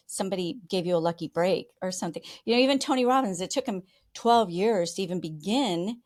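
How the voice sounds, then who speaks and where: A woman's voice: medium pitch, fairly quick. Chatty older woman. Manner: chatty, restarts often, animated when quoting others. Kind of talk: conversational interview.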